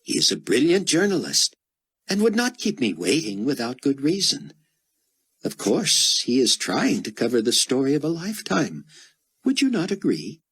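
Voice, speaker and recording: A man voicing a powerful male leader who speaks in a calm, reassuring, formal way. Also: medium pitch, moderate pace, slightly rough, pitched above the performer's own voice, exaggerated voice.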